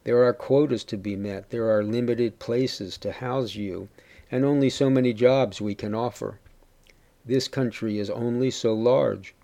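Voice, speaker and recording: A man's voice: medium pitch, fairly even intonation, measured pace, creaky, mellow. A man voicing an urgent woman aid worker explaining strict rules, read as part of a storybook narration.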